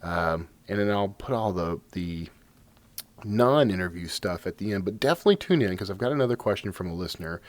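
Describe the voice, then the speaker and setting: A man hosting a podcast with a raspy voice, talking casually with lots of fillers and jokes at his own expense. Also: low voice, lively intonation, a little fast, no room sound. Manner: rambling, filler-heavy, self-joking. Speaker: podcast host. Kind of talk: casual podcast intro and chat.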